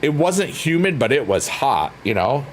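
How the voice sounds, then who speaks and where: A man's voice: medium pitch, sing-song, normal speed, background noise. Playful rambling man on a livestream. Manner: playful, silly, rambling, reads chat aloud. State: drained. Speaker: livestream host. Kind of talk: casual chat with live chat readers. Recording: faint piano music underneath.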